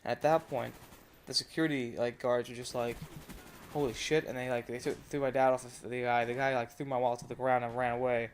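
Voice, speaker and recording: A man's voice: mid-range voice, level tone, fast, few pauses, slight background noise. A young man telling a long travel story to his viewers, rambling and swearing, with lots of fillers. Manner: profane, rambling, frequent fillers. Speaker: vlogger. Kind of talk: casual storytelling rant.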